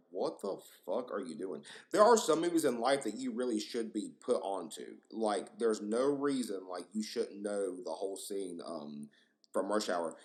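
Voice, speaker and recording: A young man hosting a casual solo podcast, rambling and profane, excitable and full of fillers. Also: lowish voice. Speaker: podcast host.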